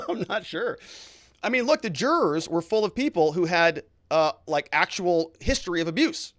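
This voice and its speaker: A man's voice: on the high side, big pitch swings, normal speed, a bit bright, no room sound, clean studio sound. A man, a lawyer, hosting a casual livestream, talking through legal news and reading viewer comments in a conversational, hedging way.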